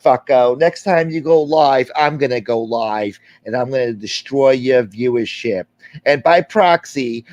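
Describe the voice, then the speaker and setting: A man voicing a vindictive rival streamer who makes slow, drawn-out threats and mocking taunts. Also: medium pitch, vocal fry, no room sound.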